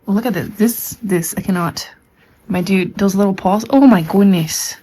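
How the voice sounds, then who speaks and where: A woman's voice: mid-range voice, normal speed, dark tone, husky. A woman book vlogger chatting casually at home, recorded on the camera's own mic. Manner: chatty, talks baby talk to her cat. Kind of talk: casual vlog chat. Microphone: camera mic, no external mic.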